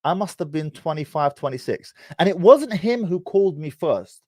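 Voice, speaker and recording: A man's voice: on the high side, animated, normal speed, darkish tone, no room sound. A man in his thirties with an English accent, telling a personal story in a casual, teasing, slang-heavy way. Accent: British, English. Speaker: vlogger.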